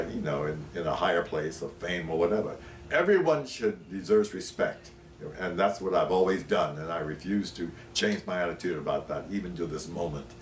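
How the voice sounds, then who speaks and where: Older man telling stories, distant roomy sound. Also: deep voice. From Pennsylvania, USA. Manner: animated, many fillers and restarts, acts out quotes. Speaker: interview guest. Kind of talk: anecdotal storytelling. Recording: roomy, distant mic, faint noise.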